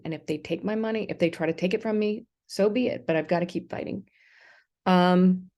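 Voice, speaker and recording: Her voice is on the low side and mellow as this middle-aged American vlogger launches into a rambling, indignant livestream monologue, littered with ums and false starts.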